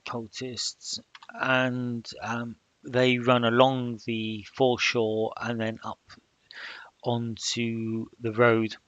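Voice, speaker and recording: Slow, halting man narrating a solo game. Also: mid-range voice, monotone, fairly bright tone, no echo, muffled recording. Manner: halting, with many fillers. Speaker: solo tabletop game player. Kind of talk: solo role-play narration.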